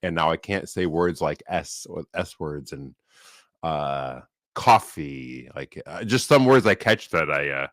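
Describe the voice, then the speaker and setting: A low-pitched man talks in loose, rambling conversation, his words softened by a slight braces lisp. His pitch rises and falls a lot. The sound is dry with no room echo. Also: animated, a little slow. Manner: chatty, rambling with restarts. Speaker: podcast co-host. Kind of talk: casual chat.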